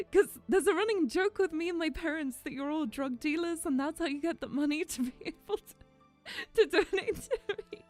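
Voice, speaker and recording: A woman's voice: very high voice, normal speed, darkish tone, faint music behind. A young woman VTuber chatting casually with her viewers, giggly and emotional. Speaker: VTuber streamer. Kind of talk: casual chat with stream viewers.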